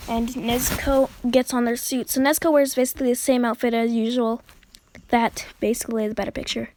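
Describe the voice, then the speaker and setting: Rambling higher-voiced woman telling a story. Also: flat delivery, a little fast, darkish tone. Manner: rambling, many fillers and self-corrections. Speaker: fan storyteller. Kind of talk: casual rambling story narration.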